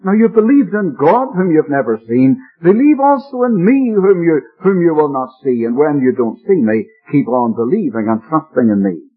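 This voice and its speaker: On an old, narrow-band radio broadcast, a man preaches a Bible-teaching sermon, explaining the text in an earnest, emphatic expository style. His husky voice sits on the high side and is sing-song, moving at a moderate pace with hardly any pauses.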